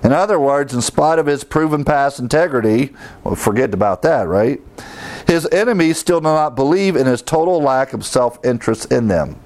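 A man's voice: medium pitch, lively intonation, moderate pace, a little mellow. A man preaching a verse-by-verse Bible teaching sermon in a conversational way, with frequent fillers and wry asides. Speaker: pastor teaching through scripture.

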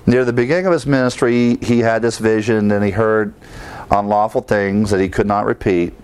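With a clear, resonant, darkish voice on the low side and fairly even intonation, a male preacher teaches through scripture verse by verse. He explains the passages, asks listeners rhetorical questions, and often pauses to restart.

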